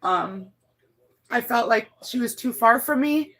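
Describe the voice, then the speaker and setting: Woman livestreamer, gravelly, blunt and rambling, casual storytelling. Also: animated, measured pace, fairly bright tone. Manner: rambling, blunt, swears freely, many restarts; emotional, voice climbs high when moved. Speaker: livestreamer reading her chat.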